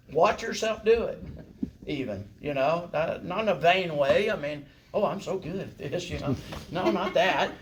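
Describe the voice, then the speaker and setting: Guy teaching church song leading, folksy and encouraging, keeps going "right?", bit of faint hiss. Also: on the high side. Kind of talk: congregational singing lesson.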